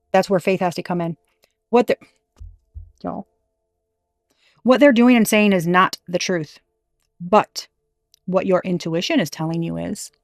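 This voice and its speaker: A woman reads tarot in a loose, chatty monologue, frank and emphatic, with the odd curse word. Her voice sits at an ordinary middle pitch. It is recorded dry and close, with faint music playing underneath. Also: no echo. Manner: emphatic and frank, with casual swearing. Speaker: tarot reader. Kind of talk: casual tarot reading monologue.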